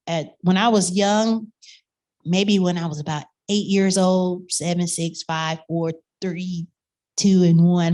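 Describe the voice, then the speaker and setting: A woman's voice: on the low side, darkish tone. A woman giving a reflective, personal talk about storytelling and music to an audience.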